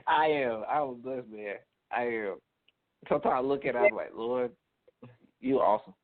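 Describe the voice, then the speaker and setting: A man's voice: mid-range voice, normal speed. Earnest preachy man on a phone line. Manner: earnest, preachy, faith-driven. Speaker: married guest. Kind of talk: casual chat. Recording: dry, tinny phone-line sound.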